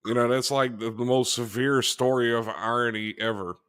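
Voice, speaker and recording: A man's voice: mid-range voice, fairly even intonation, normal speed, a bit bright, smooth. A man co-hosting a casual talk show, reading out news headlines and cracking dry jokes in between. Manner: dry, wisecracking.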